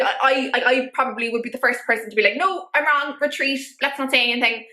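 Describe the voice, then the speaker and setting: A woman's voice: fairly high pitch, fast, few pauses, bright, forceful tone, roomy sound. A woman talking casually to camera in a vlog, chatty and full of filler words, getting fired up as she goes. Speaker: vlogger. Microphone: camera mic.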